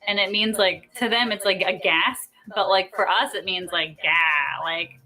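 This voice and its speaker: A young woman from North Dakota talks to her camera in a relaxed explainer vlog, full of sass and quick giggles. Her voice is bright and a little sharp, sitting in an ordinary middle register. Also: medium pitch. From North Dakota, USA. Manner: playful, sassy, giggles often. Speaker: YouTuber explaining slang.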